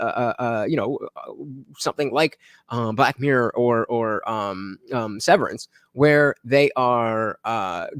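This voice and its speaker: A man of ordinary pitch hosts his own live stream and comments on a debate recording. He talks in a loose, halting way, full of fillers and restarts. His voice is dry, with no room echo around it. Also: fairly bright tone.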